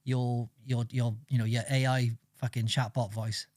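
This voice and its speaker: A man's voice: mid-range voice, little pitch movement, darkish tone, no echo, studio quality. A man co-hosting a podcast, joking and swearing in casual chat. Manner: joking, sweary, quick interjections. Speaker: podcast co-host.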